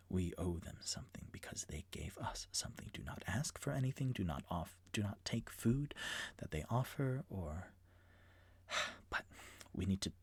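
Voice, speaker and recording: A man puts on an anxious elephant-folk bard in a tabletop game, whispering his warnings in a hushed, stammering voice. The sound is dry and close, with the words coming slowly. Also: low voice, slightly rough, no echo, exaggerated voice. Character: nervous careful male elephant-folk bard.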